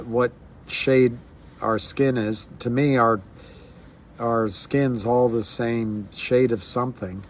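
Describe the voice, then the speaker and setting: A man's voice: lowish voice, slight background noise. A man hosting a casual livestream, musing aloud in a rambling way with frequent restarts. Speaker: livestream host.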